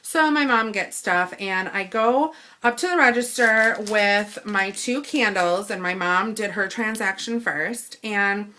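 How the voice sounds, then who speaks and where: A young woman from Wisconsin telling an angry story about a bad store visit, indignant and animated. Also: medium pitch, unhurried, hardly any pauses. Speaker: vlogger.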